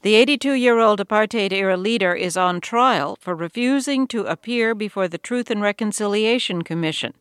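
News anchor, scripted intro, crisp formal read, dry sound. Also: mid-range voice, moderate pace, few pauses, a bit bright, no room sound.

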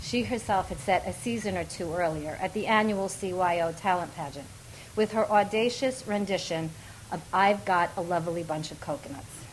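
A woman reading a memoir aloud, with a wry, expressive delivery that often breaks into laughter. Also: fairly low pitch, normal speed, slight background noise, rough recording. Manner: wry and expressive, often laughing through lines, acts out quoted voices. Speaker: audiobook narrator. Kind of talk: memoir narration.

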